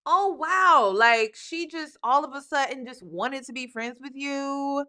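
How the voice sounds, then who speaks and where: A woman host giving casual commentary on a video, animated and emphatic, repeating lines for effect, with speech. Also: high voice, measured pace, hardly any pauses.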